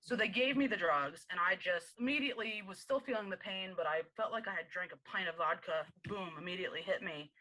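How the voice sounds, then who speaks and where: A woman in her thirties, a podcast guest, candidly telling a personal story in an interview, animated and acting out the dialogue. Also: fairly low pitch, a little fast, hardly any pauses, rough recording. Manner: animated, acts out quoted dialogue with frequent laughs.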